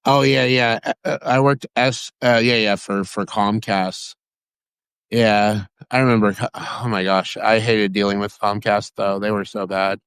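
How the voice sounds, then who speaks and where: A man from Sacramento, California, chatting as a guest, telling stories in an excitable, rambling way with frequent restarts. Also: fairly low pitch, a little slow, clean tone, no echo. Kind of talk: casual chat.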